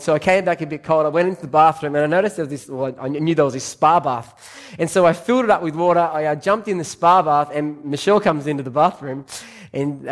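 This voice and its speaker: An Australian man preaching a sermon to his church, telling personal stories and repeating key phrases for emphasis. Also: on the high side. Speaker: pastor. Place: church service.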